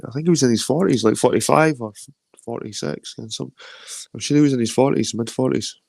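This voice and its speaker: Reading and greeting viewer comments on his casual livestream, a roughly forty-year-old Scotsman rambles and curses freely. He talks fairly quickly in a mid-range voice, a little mellow with vocal fry, recorded dry.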